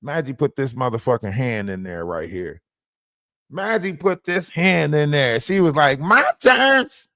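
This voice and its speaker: With a medium-pitched, fairly bright voice at a moderate pace, a man hosting a livestream delivers a taunting, profane rant, repeatedly asking his target "huh?" The studio-quality recording has no room sound.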